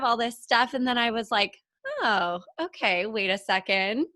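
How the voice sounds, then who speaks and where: A woman's voice: fairly high pitch, normal speed, bright, forceful tone, no echo. A woman hosting a podcast, chatting casually, eager and affirming as she tells a story of her own. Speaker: podcast host. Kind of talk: casual conversational interview.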